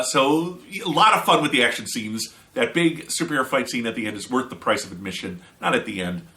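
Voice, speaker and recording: A man's voice: fairly low pitch, a little fast, bright, forceful tone. A man giving a casual, opinionated spoken movie review with an American accent and sarcastic asides.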